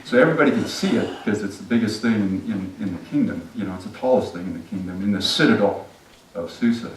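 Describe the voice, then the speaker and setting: A man's voice: on the low side, fast talker, a little hiss or hum. A male pastor giving a sermon, retelling a story casually and with humor. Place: church sanctuary. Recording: echoey sanctuary, distant mic.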